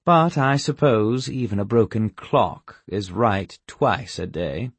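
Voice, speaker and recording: A man playing a calm, menacing villain. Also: fairly low pitch, takes it slowly, breathy edge, no echo, heavily acted. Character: cold, amused male villain seizing command.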